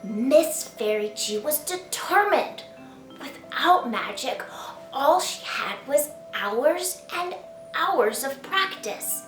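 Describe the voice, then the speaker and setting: Slow high-voiced woman reading storytime. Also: lively intonation, roomy sound, far from the mic, soft background music. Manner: slow, sing-song and playful, invites kids to join in. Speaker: children's author reading her picture book. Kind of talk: storytime read-aloud for children.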